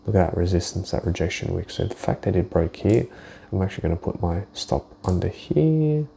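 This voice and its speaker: Low, gravelly man talking through trades. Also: lively intonation, a little fast, mellow, a little hiss or hum. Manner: loose, thinking aloud, swears, restarts sentences. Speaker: forex trader. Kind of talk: casual screen-share market walkthrough.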